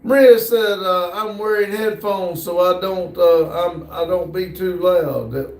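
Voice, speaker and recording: A man's voice: high voice, a little mellow, far from the mic. Easygoing American man in a roomy space. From United States. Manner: easygoing, hesitant, frequent "uh" pauses. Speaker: livestream host. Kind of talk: casual live chat, reading viewer comments aloud. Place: workshop building near a shop area. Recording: roomy sound, voice from off the mic.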